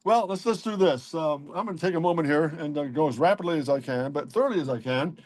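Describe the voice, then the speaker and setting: An older man from Scotland giving an emotional, earnest inspirational talk as a guest speaker, slowing down for emphasis. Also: fairly high pitch, darkish tone, no echo, low-quality recording. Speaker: guest speaker, automotive designer.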